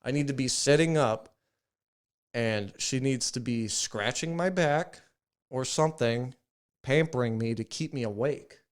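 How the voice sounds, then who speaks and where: A man's voice: medium pitch, measured pace. Profane rambling podcast host, man. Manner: rambling, profane storytelling with loud acted outbursts. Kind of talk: casual chat.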